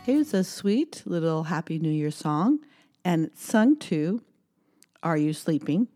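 A middle-aged woman teaching young children, singing songs and reading a poem in a gentle, sing-song way with cheerful cheers. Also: low voice, sing-song, takes it slowly, faint music behind.

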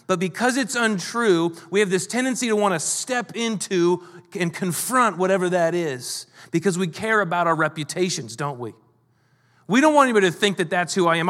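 A male pastor preaching a sermon, moving between emphatic and quiet delivery. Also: high-pitched, animated, moderate pace, long reverb tail.

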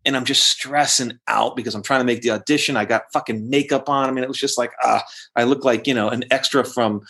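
A man in a casual interview recounting an old tale, loose and full of swearing. His voice sits at an ordinary middle pitch, but he springs higher whenever he acts out what someone said. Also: fast talker, gravelly, husky. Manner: animated, profane, acts out quotes in raised voice. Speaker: interview guest, rock guitarist.

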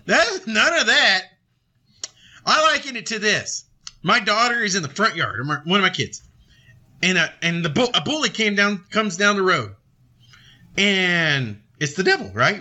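High, sharp-voiced male preacher. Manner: emphatic and conversational, reads scripture aloud. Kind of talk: sermon.

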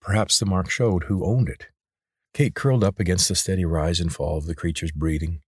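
A man narrating a fantasy audiobook in a steady, measured storytelling manner. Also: low voice, breathy edge, no room sound, clean studio sound.

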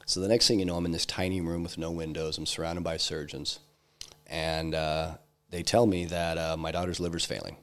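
A man with a very deep, low voice recounts a hard personal episode in an interview. He talks haltingly, restarting sentences and filling gaps with ums. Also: little pitch movement, a bit bright. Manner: halting, many restarts and fillers. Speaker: interview guest, entrepreneur. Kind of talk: candid personal storytelling.

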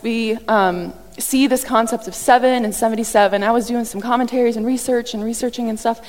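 Woman preacher, animated and chatty, a touch high-pitched, long hall reverb. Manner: animated, conversational, acts out quotes. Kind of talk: sermon.

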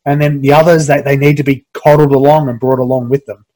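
A man hosting a casual interview on a video call, halting with many restarts. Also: medium pitch, flat delivery, warm tone, low-quality recording. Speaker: podcast host.

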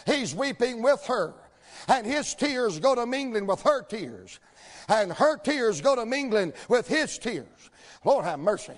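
Preacher guy, high voice, folksy storytelling that builds to shouting, big church echo. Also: big pitch swings, unhurried. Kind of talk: sermon. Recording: long hall reverb.

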